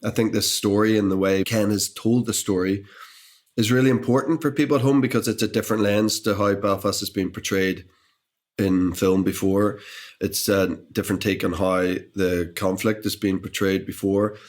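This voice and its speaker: Low-voiced Northern Irish man, chatty. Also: moderate pace. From Northern Ireland. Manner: animated, repeats words when thinking. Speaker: actor guest. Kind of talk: casual interview chat. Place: indoors over a lunch table.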